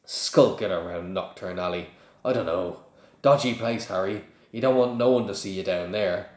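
Hagrid, a man doing a gruff giant. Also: low-pitched, moderate pace, a little mellow, reverberant, close to an everyday voice. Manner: gruff, growling. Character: gruff giant male groundskeeper, rough-spoken.

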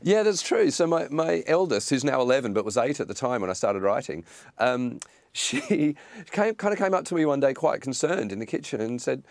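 A man's voice: medium pitch, expressive, normal speed, no echo. A middle-aged Australian comedian, a man, joking and laughing often as a guest on a remote video call. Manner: playful, self-mocking, laughs often. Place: remote link from abroad.

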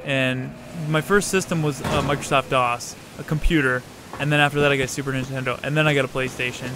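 A young man streaming a game, chatting casually with viewers, swearing freely and shouting at the game. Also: mid-range voice, fairly even intonation, a little fast, noisy background. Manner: profane, chatty, outbursts at the game, greets viewers. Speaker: let's play streamer. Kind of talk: casual live-stream gaming commentary.

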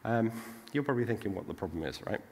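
A man's voice: lowish voice, animated, fast, darkish tone, a little hiss or hum. A British man giving a casual conference talk, chatty and forever checking in with "right?". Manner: chatty, tags lines with "right?". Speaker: conference speaker. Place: large conference hall. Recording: long hall reverb.

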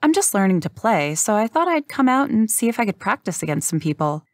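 A woman voicing a young female chess hustler who feigns being a naive, bubbly beginner in a high, breezy way. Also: very animated, brisk, dry recording, studio quality, lightly acted. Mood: faux-innocent. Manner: high, breezy, faux-innocent.

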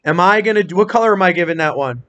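A man teaching a small-group phonics lesson in a classroom, asking questions, encouraging answers and spelling words out slowly. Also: sits high, expressive, a bit bright, slight background noise.

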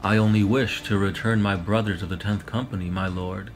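A man with a low voice reading a weary, dutiful armored soldier who speaks tersely and raspily. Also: steady tone, fairly quick, faint music behind, natural voice. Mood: humble. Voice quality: raspy.

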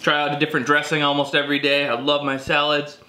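A man's voice: fairly high pitch, monotone, fast talker, reverberant, noisy background. A man hosting a survival vlog, chatting playfully and teasing at a home lunch table, laughing often. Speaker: survival vlogger and channel host. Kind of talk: casual family chat to camera.

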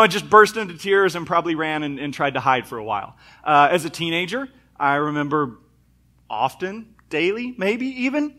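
A man's voice: high-pitched, sharp tone. A man in his thirties preaching a sermon in a church, reading scripture and telling stories from his childhood in a conversational, self-deprecating way. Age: 30s. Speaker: pastor. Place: church sanctuary.

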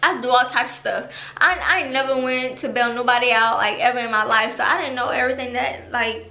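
A woman's voice: on the high side, fairly quick. Echoey young woman telling a storytime. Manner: animated, profane storytelling with lots of fillers. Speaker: vlogger. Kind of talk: storytime vlog. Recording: echoey room with music behind.

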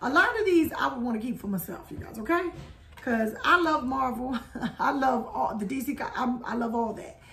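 A woman's voice: sits high, animated, moderate pace, gravelly, a bit bright, slight background noise. A woman hosting a casual haul vlog, chatting to viewers and calling them y'all. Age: adult. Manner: chatty, addresses viewers as y'all, hums theme tunes. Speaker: haul video host.

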